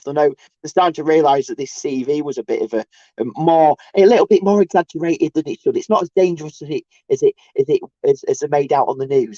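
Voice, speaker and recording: A man rambles through a casual livestream rant, stopping and restarting his thoughts and slipping into sarcastic mocking bursts. His voice is dark and mellow. The recording is dull and lo-fi, with a dry, close sound. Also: no room sound. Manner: halting, restarts often, mocks others in sarcastic high bursts.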